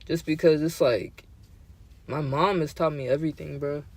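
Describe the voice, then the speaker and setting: A man's voice: a little high, fairly even intonation, moderate pace, a little mellow, dry recording. A young man in his twenties hosting a podcast, talking in casual chat with slangy, profane language that gets heated. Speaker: podcast host.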